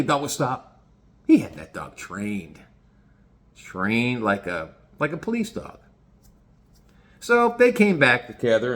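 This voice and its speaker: Man, casual storytelling, lively pitch, animated, swearing. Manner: animated, swearing, lots of restarts. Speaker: vlogger.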